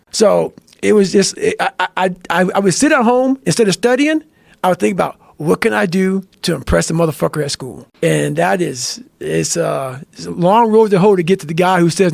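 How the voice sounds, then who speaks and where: Intense, gravelly man swearing constantly. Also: high-pitched, lively intonation, brisk, dry recording, clean studio sound. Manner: intense, blunt, heavy swearing. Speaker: podcast guest. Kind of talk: profane motivational storytelling.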